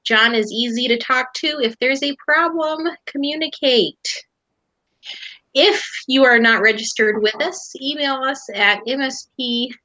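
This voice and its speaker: A woman co-hosting a live auction stream, giving brisk, upbeat instructions to bidders. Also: fairly high pitch, sharp tone, no room sound, rough recording. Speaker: auction show co-host. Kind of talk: casual announcements.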